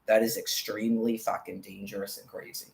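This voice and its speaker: A woman's voice: extremely low pitch, flat delivery, brisk, creaky. A woman, delivering an agitated, profane monologue to camera. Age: 50s. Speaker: vlogger. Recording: echoey, with faint background noise.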